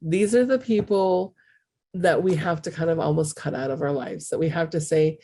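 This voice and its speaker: A woman with a lowish, mellow voice leads a live call class in a loose, chatty way. She stumbles over restarts and fillers. She slips into quick voices when she quotes other people. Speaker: spiritual healing teacher. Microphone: call recording.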